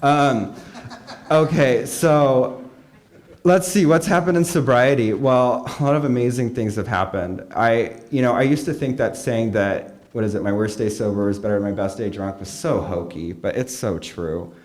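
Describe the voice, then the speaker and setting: A man's voice: mid-range voice, normal speed, a little mellow. A young man from California giving a candid, self-mocking personal talk at a meeting, full of fillers and asides. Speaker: meeting speaker. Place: meeting hall.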